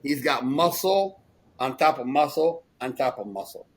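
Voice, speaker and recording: A man in his sixties telling rambling, animated stories as a podcast co-host, laughing often. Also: medium pitch, moderate pace, breathy edge, low-quality recording. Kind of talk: casual storytelling chat.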